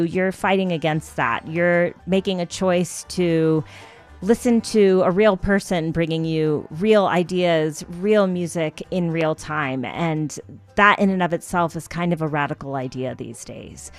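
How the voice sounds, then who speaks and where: A woman hosting a community radio show, talking casually during a pledge drive with relaxed fillers. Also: on the low side. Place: radio studio.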